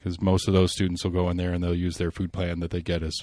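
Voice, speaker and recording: A podcast host chatting casually and rambling about local politics, full of fillers and restarts. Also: male voice, low voice, completely flat delivery, fast, dark tone, dry recording, clean studio sound.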